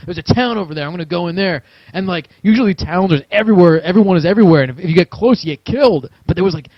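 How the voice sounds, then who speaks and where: A man telling a long gaming story in casual chat, animated and profane, acting out his own reactions. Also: high-pitched, dry recording. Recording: dull, dry lo-fi recording.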